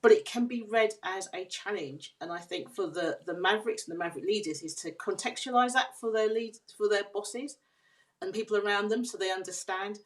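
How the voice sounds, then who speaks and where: A woman guest on a podcast interview, explaining her ideas on leadership in an earnest, measured way. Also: medium pitch. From United Kingdom.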